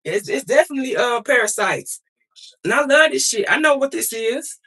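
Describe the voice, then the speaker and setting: A young adult woman livestreaming, firing back at her chat in a profane, preachy, confrontational way. Her voice is bright and sharp. She sits a little back from the mic, so the sound is somewhat distant. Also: sits high, animated, normal speed. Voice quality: profane, defiant.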